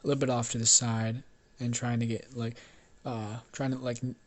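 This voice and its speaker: A man's voice: medium pitch, level tone, normal speed. A man improvising a fan story aloud, rambling with restarts and swearing.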